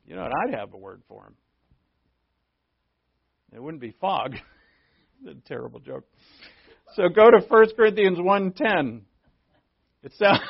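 A man preaches in a church, his voice sitting a little high for a man. He keeps his delivery animated and playful, jumping up and down in pitch to land his jokes. The recording is dull and lo-fi. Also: gravelly. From New England. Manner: animated and joking, with big pitch swings. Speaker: pastor. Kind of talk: sermon.

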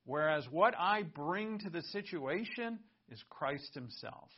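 A man's voice: fairly high pitch, lively intonation, slow, breathy edge. A man preaching a sermon, reading scripture aloud and explaining it in an earnest teaching tone. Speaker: pastor. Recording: muffled lo-fi recording.

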